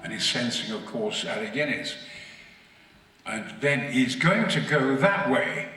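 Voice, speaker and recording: A man guest at a convention panel, telling stories to the audience in a booming, theatrical way, heard from far off in an echoey hall. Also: expressive, measured pace, pushed and bright, slight background noise. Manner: booming, theatrical, acts out voices. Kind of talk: anecdotal storytelling to an audience.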